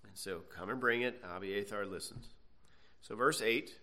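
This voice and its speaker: Bright-voiced male Bible teacher. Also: lowish voice, moderate pace. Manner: conversational, checks in with frequent "okay"; reads scripture aloud then explains.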